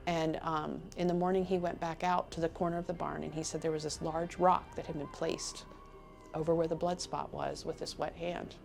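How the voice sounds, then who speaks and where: A woman's voice: low-pitched, normal speed, creaky, soft background music. A woman casually retelling someone else's encounter story in an interview, voicing his quoted words as she goes. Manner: animated retelling, voices others' quoted words. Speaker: interviewee retelling a witness account.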